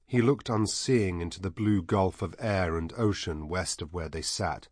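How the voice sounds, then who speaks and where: A man reading a novel aloud as narrator, measured and even. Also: low voice, dry recording, clean studio sound. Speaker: audiobook narrator. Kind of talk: scripted narration.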